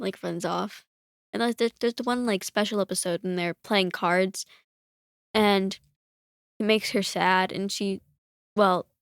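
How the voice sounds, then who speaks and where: A woman appears as a guest on a podcast, telling a story in a loose, rambling way full of fillers during a casual chat. Her pitch is medium, and the studio-quality sound has no echo.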